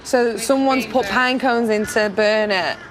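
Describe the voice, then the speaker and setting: Reality contestant, woman, higher voice, indignant and sarcastic, housemates chatter around her. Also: measured pace. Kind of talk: casual chat.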